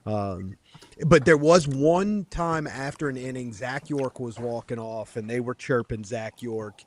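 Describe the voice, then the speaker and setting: A man's voice: medium pitch, measured pace, a little hiss or hum. A man with a mid-range voice hosts a casual sports podcast chat. He keeps things easygoing and moves the conversation along with questions. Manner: easygoing, leads the talk with questions.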